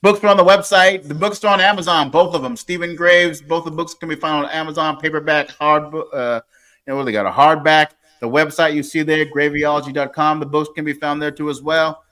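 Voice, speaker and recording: Guest author, man in his 40s, crisp forceful tone, rambling casual talker. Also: a little high, fairly even intonation, brisk. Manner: rambling, lots of fillers and restarts. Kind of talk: casual interview talk.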